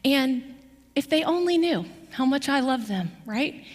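A woman preaching a sermon, telling a story with lively rhetorical questions to her listeners. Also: sits high, unhurried, big-room sound.

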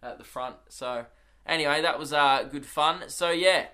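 A man's voice: fairly high pitch, unhurried, noisy background. A young Australian man, a comedian, chatting casually on his solo podcast and telling rambling, swearing anecdotes in an Australian accent.

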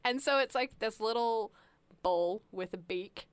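A woman's voice: fairly high pitch, unhurried, smooth, no echo. A woman hosting a casual podcast chat, laughing often between sentences. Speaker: podcast host.

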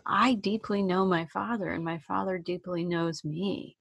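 A woman interviewer speaking slowly and gently, thoughtful, often pausing and restarting. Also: lowish voice, fairly even intonation, vocal fry, slightly rough, dry recording. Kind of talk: personal interview.

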